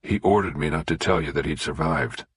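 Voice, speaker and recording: A man voicing a grave middle-aged male official who speaks in a measured, formal way. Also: a bass voice, husky, heavily acted. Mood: guarded.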